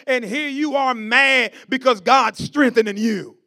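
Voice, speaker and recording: A man preaching a fiery sermon, stammering and repeating words as he builds to shouts, calling out to members of the congregation. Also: extremely high pitch, a little slow, hardly any pauses.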